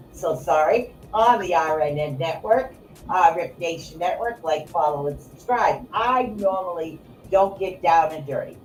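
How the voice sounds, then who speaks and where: A woman's voice: deep voice, darkish tone. A woman podcast host ranting in anger, swearing and repeating herself. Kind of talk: angry off-the-cuff rant. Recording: echoey room, voice from far off, faint music.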